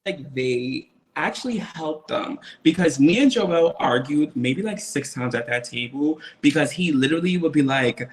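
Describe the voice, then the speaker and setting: A man talking casually as a guest in a video-call interview, animated and laughing often. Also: fairly high pitch, normal speed, hardly any pauses. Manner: animated, laughs often, quotes others in acted voices. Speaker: interview guest, reality TV cast member.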